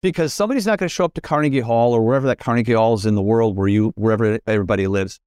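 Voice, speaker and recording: Excitable male podcast host, dry sound. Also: very fast, clear, resonant tone, no echo. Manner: enthusiastic, exclamatory, sudden pitch jumps. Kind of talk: casual conversation.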